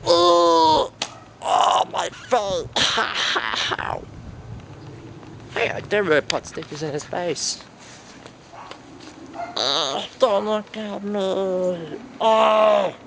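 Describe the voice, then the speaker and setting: A man telling a toy story in a playful way, jumping between silly high and low character voices. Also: lively intonation, extremely slow, vocal fry, pauses often, background noise. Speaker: toy video maker voicing all characters.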